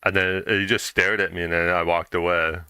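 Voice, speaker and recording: A man's voice: sits low, level tone, normal speed, pushed and bright, smooth, dry recording. A young man chatting casually while streaming a game, rambling through a story with lots of fillers and restarts.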